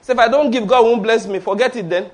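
A man preaching a sermon in an animated, playful way, laughing often and having the audience repeat phrases after him. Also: very high-pitched, fast.

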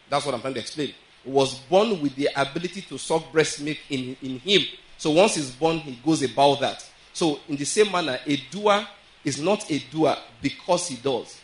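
Man, pastor, sermon, earnest, repeats himself, slightly high voice. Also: rough recording. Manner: earnest, repeats himself, checks listeners often with questions.

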